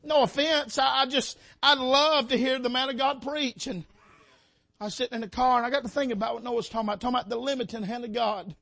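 A preacher man with a strikingly high, ringing voice and a bright, forceful edge. He preaches with passion, swelling and dropping as he calls out to his congregation from the pulpit. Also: fairly even intonation, quick pace, gravelly. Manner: impassioned, rising and falling, calls out to the congregation. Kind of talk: sermon. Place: church sanctuary.

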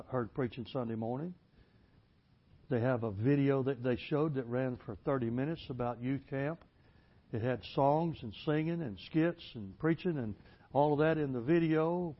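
A man preaching a folksy storytelling sermon, plainspoken and building to loud, emphatic passages. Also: mid-range voice. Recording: dull lo-fi recording.

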